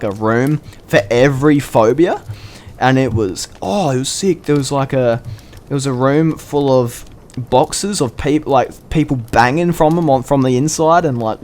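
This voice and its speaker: A man telling a personal anecdote in a casual, animated way, swearing often and rambling with fillers. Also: medium pitch. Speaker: vlogger. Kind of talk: casual storytelling.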